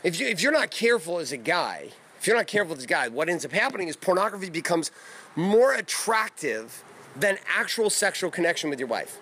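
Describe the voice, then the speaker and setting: A man in his thirties delivers a loose, blunt monologue full of profanity. His voice sits a little high for a man. He talks casually, as if recording in his backyard. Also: sing-song, brisk, pushed and bright, a little hiss or hum. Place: backyard outdoors.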